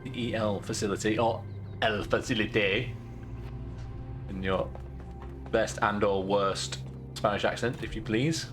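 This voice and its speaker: A man's voice: fairly low pitch, steady tone, moderate pace. A man giving casual, joking commentary while streaming a video game. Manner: chatty, joking, sarcastic. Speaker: gaming streamer. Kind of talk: casual let's-play commentary. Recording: game music behind.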